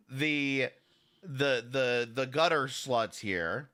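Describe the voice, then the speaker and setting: A man with a medium-pitched, sing-song voice that's gravelly, pushed and bright hosts a live commentary stream, speaking a little slowly. He's casual and sarcastic, greets chatters by name, and rambles with restarts and swearing.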